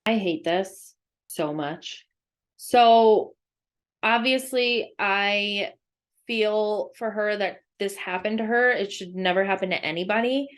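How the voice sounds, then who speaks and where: A woman's voice: mid-range voice, slow pace. A woman giving blunt, critical commentary while reacting to a video clip.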